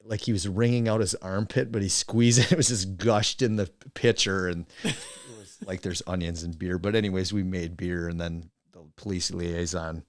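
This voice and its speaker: A man's voice: low-pitched, normal speed, dry recording, clean studio sound. A middle-aged man from Wisconsin, a coach and teacher, telling rambling stories as a guest in a casual podcast interview. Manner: rambling, animated storyteller who mimics friends.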